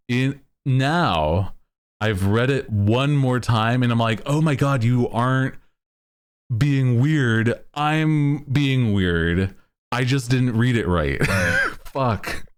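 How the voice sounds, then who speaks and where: A young man streaming, chatting casually with viewers in a laid-back, rambling way, laughing often. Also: smooth. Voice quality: very deep.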